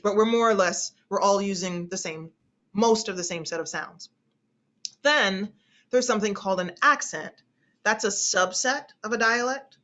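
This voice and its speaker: A woman's voice: fairly low pitch, a bit bright. A woman speech instructor from the United States, teaching an online class in a chatty way and often repeating her phrases.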